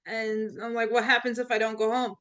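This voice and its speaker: Animated woman telling her story. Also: on the high side, fairly quick, dull audio. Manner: animated, laughs often, lively quoted voices. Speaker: life coach and guest. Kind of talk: faith-based interview storytelling.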